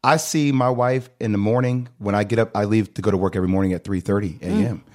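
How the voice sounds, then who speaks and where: A male host with a fairly low voice, chatting with a guest. He is candid and enthusiastic, opening up about his own life as he asks questions. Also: fairly even intonation, fast, darkish tone. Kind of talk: casual interview chat.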